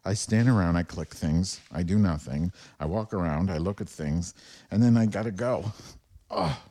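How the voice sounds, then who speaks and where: A man's voice: low voice, moderate pace, dark tone. A man hosting his own podcast from home on a wireless lavalier mic. He rambles in a profane, self-deprecating solo monologue. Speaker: podcast host. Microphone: wireless lavalier transmitter.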